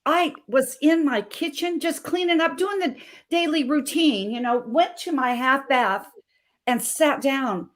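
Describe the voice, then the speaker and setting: Middle-aged woman health coach from Montana, higher-pitched, fervent and dramatic storyteller. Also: a little slow. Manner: fervent, dramatic, shifts from hushed to emphatic. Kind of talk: emotional personal storytelling. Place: video call.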